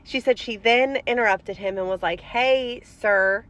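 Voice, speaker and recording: A woman's voice: medium pitch, a little fast, fairly bright tone. A woman telling a story in a casual storytime monologue, chatty and amused, with fillers. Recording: dull lo-fi recording with faint noise.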